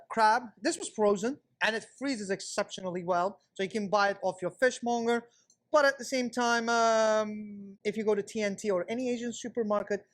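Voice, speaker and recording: A man working as a chef instructor, talking viewers through a cooking class demonstration in a kitchen and explaining each step as he cooks. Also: high-pitched.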